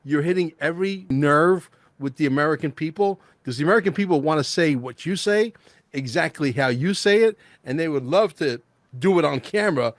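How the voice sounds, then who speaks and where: A male host in casual interview chat, excitable and rambling, peppering his talk with "bro" and "like". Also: a little high, a little fast, dry recording.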